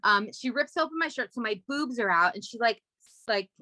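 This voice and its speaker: A young adult woman, a comedy writer appearing as a guest, tells a wild story on a casual podcast, animated and swearing freely. When she quotes people her voice jumps up high and loud. She talks a little fast, and the recording is dry.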